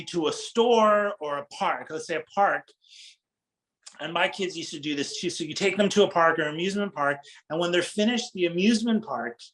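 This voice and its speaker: Middle-aged male preacher, fairly high voice, informal, asks the crowd questions. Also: fairly bright tone, rough recording. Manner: engaging, asks the audience questions, laughs lightly. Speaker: Islamic preacher. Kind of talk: conversational religious talk to an audience.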